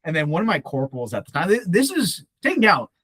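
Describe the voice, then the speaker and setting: A young man telling a profane, animated story in casual talk, often acting out the voices of others. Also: a little high, fast talker, breathy edge, no echo. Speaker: podcast guest.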